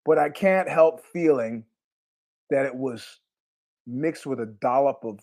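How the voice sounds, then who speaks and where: A man's voice: medium pitch, slow. A man hosting a podcast in a casual, rambling monologue, swearing and trailing off in asides. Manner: rambling, profane, animated asides. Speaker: podcast host.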